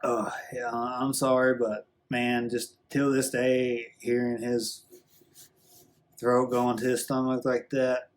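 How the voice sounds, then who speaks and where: A man's voice: medium pitch, completely flat delivery. Guy rambling thru an earnest confession vid, lots of stops and restarts, regular mid voice. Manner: halting, earnest, with many restarts and drawn-out fillers. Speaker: vlogger. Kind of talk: rambling confessional storytelling to camera.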